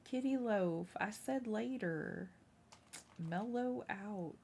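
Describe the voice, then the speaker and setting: Slow gravelly woman streamer. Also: medium pitch, darkish tone, a little hiss or hum. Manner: chatty, talks to her cat and viewers. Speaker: craft livestream host. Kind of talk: casual livestream chat. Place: home room.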